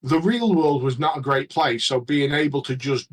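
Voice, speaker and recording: A man chatting casually as a regular on a podcast, rambling and halting with many restarts. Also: medium pitch, poor audio. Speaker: regular panelist.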